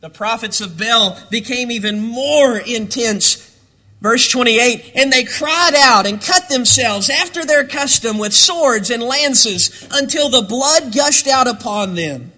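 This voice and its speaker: A man preaching a sermon, building to dramatic shouts and then dropping low. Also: expressive, slow.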